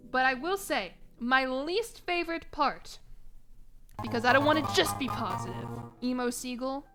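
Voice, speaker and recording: A young woman from Chicago chatting casually on stream, rambling and emotional, laughing at herself. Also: a little high. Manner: rambling, emotional, self-mocking, laughs often.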